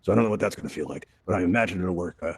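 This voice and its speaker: Fast-talking upbeat man hosting a lesson. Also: low voice, gravelly, husky, no room sound. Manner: upbeat, encouraging, playful asides. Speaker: VR event host and instructor. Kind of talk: live instructional walkthrough. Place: virtual reality event space.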